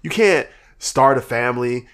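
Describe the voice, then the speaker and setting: A man's voice: medium pitch, lively intonation, normal speed, fairly bright tone, clear, resonant tone. A man co-hosting a podcast in casual chat, who swears freely, laughs often and rambles through restarts. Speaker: podcast co-host.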